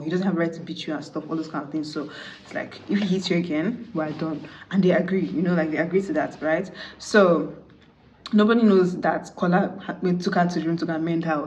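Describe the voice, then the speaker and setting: Fast, chatty woman. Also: lowish voice, darkish tone, a little hiss or hum. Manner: chatty, full of "like", acts out the dialogue. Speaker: movie recap vlogger. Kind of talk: casual movie recap. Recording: slightly distant, dull audio.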